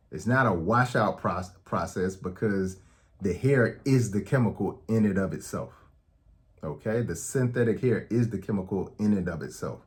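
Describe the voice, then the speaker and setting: A man with a lowish, darkish voice gives a direct-to-camera health talk, conversational and explanatory, often asking "okay?". When he tells anecdotes, he acts out the quoted dialogue.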